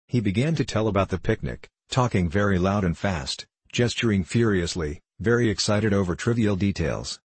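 A man narrating a classic novel aloud in a steady, measured reading voice. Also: fairly low pitch, slightly rough, no room sound. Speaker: audiobook reader.

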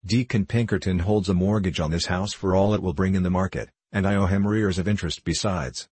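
Frail sick mother, low weak voice, husky and deep, read by a man. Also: fairly even intonation, brisk, a little mellow, no echo. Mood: weak, anxious. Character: frail dying mother, soft and anxious.

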